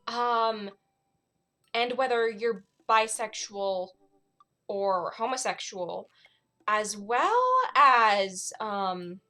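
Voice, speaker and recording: A woman's voice: on the high side, bright, forceful tone. A young adult woman streamer chatting casually over a game, with frequent laughs and wry asides.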